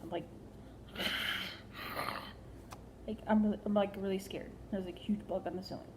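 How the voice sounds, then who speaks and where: A woman's voice: mid-range voice, steady tone, very fast, warm tone, a little hiss or hum. A woman telling a comic story in a rambling way, full of fillers and "like". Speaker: comedian.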